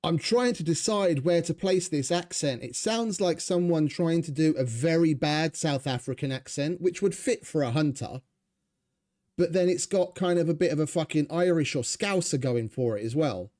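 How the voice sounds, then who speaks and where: A man's voice: a little high, moderate pace, a little mellow. A man giving casual, rambling gameplay commentary as a streamer, chatty and swearing freely. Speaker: gaming streamer.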